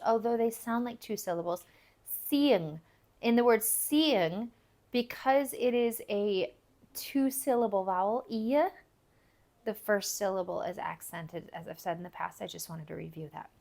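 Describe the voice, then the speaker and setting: A woman's voice: mid-range voice, vocal fry, a little mellow. A woman giving a recorded phonics lesson, patiently explaining step by step and repeating example words for learners. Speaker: language teacher.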